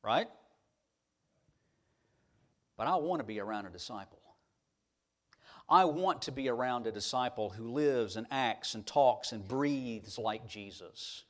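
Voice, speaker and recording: A man's voice: medium pitch, a little slow, pauses often. A man preaching a sermon, telling stories in a folksy way with many restarts. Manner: animated, folksy, with repeated restarts. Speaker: pastor. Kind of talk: storytelling sermon.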